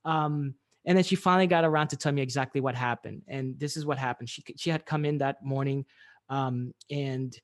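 A man's voice: medium pitch, fairly even intonation, brisk. A man being interviewed, telling a story animatedly with many fillers and restarts. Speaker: guest, business owner.

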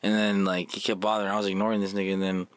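Young dude guest, low voice, rambling slangy stories, dry sound. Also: male voice, little pitch movement, racing, no echo. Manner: rambling storyteller, profane, slangy. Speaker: guest musician. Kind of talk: casual chat.

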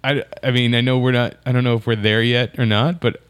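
A man's voice: mid-range voice, level tone, fairly quick, a bit bright, clear, resonant tone, dry recording. A man hosting a casual podcast chat, often stalling and restarting as he leads the talk. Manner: rambling, full of restarts. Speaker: podcast host.

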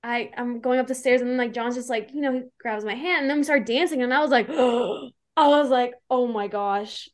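A young woman in casual chat, retelling a story with breathless enthusiasm. Her voice sits a little higher than most, and she leans on "like" and acted-out quotes. She sounds eager and chatty throughout. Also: steady tone, fast, few pauses. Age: young adult. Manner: gushing, filler-heavy with "like". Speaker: fan guest.

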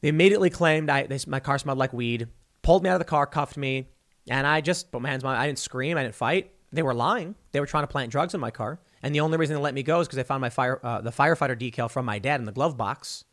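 A young adult man giving an opinionated commentary monologue, acting out imagined dialogues in quick quoted voices. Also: medium pitch, a bit bright. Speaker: political commentary host.

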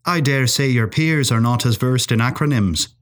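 A man's voice: mid-range voice, moderate pace, lightly acted. A man voicing a genial, wry male Irish professor with a sing-song Ulster accent. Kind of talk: storytelling acting.

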